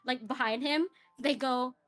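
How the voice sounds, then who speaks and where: A woman telling a story in a casual podcast interview, acting out the people in it with animated delivery. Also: sits high, measured pace, no echo, faint music behind. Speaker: podcast guest.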